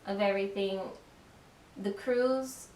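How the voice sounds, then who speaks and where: A young adult woman giving a reflective, soft-spoken personal testimony, often saying "like.". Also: mid-range voice, steady tone, slow pace. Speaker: daughter giving her testimony. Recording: echoey room, distant mic, faint hiss.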